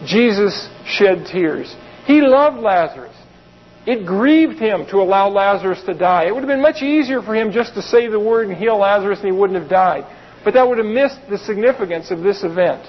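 A man with a very high voice preaching a sermon. He reads Bible verses and breaks into plain, chatty explanations. The recording sounds dull and lo-fi. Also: lively intonation, fairly quick. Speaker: pastor.

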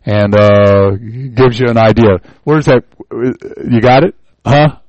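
A man's voice: medium pitch, slow pace, a little mellow, no echo, dull audio. Folksy male Bible teacher, dry sound. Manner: folksy storytelling, repeats words. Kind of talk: informal Bible lesson.

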